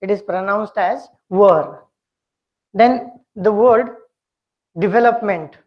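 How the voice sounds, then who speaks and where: Teacher type: woman, mid-pitched, deliberate, repeats each word as a model, dull lo-fi lecture audio. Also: fairly even intonation. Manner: slow and deliberate, repeats words to model pronunciation. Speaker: English communication skills teacher. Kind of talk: pronunciation lesson.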